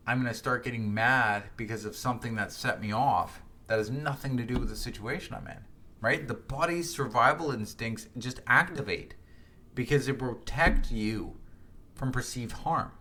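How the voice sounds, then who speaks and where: A man's voice: mid-range voice, pushed and bright. A middle-aged man hosting a solo podcast, speaking in a conversational, reflective way with frequent restarts and tag questions. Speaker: podcast host.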